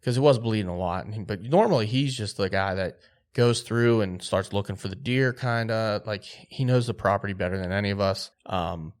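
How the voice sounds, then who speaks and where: A man telling a hunting story on a podcast, animated and acting out quotes. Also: lowish voice, fairly quick. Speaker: podcast host.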